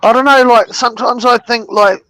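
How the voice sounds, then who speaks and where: A man's voice: very high voice, steady tone, moderate pace, pushed and bright, a little hiss or hum, low-quality recording. A man in his forties with a New Zealand accent, telling a rambling, profane story in casual chat. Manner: rambling storyteller, swears freely.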